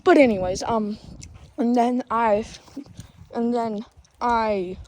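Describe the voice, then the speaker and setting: A woman's voice: fairly high pitch, measured pace, darkish tone, a little hiss or hum, poor audio. A woman rambling casually through a story, restarting often and acting out the quotes. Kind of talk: casual plot retelling.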